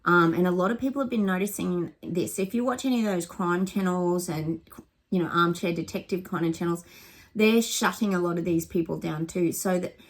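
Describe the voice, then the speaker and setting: A woman's voice: on the low side, brisk. A woman giving a rambling psychic reading to camera, with lots of ums and restarts.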